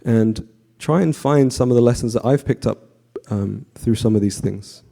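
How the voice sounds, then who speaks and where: A man giving a conversational devotional class to a temple audience, often asking the audience questions and pausing with fillers. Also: mid-range voice, creaky. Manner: frequent fillers and restarts, relaxed.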